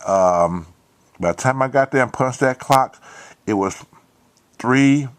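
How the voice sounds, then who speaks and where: A man's voice: medium pitch, animated, takes it slowly. A middle-aged man, telling a long personal story with lots of swearing and repetition. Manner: profane, repetitive, emphatic. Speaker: channel host. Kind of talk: storytelling monologue.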